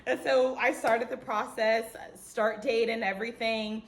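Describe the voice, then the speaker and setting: A young woman vlogging to the camera in casual chat, telling a lively story and acting out what others said in a higher voice, checking in with "okay?" as she goes. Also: a little slow, very noisy. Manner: animated storytelling, acts out quotes in a high voice; talks straight to viewers, tags lines with "okay?" and "girl".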